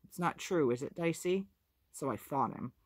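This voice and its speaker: A woman's voice: deep voice, lively intonation, normal speed, no echo. A woman reading aloud who voices a scrappy, defiant little boy. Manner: defiant, proud.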